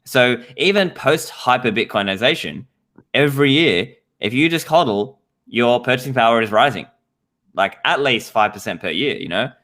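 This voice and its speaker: Australian man, young, bright forceful tone, rambling, lots of "like". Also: medium pitch, lively intonation, normal speed. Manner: rambling, heavy use of "like". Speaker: podcast guest. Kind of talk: casual podcast chat.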